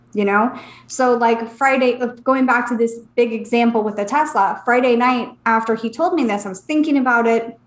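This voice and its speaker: Emotional woman in an echoey room. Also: fairly high pitch. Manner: emotional, near tears, many "like" fillers. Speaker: podcast co-host, psychic. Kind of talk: casual podcast chat.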